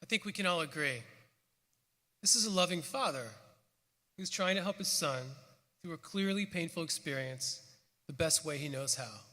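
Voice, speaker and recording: Man, conference speaker, measured and earnest, slightly high voice; hall reverb. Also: expressive, pushed and bright. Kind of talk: prepared lecture.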